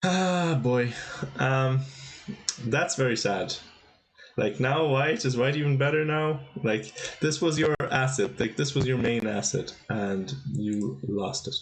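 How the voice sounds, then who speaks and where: A man's voice: medium pitch, measured pace. Male chess streamer, casual live commentary, mid-range voice, talkative and reactive. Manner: chatty, thinks aloud, exclaims at blunders.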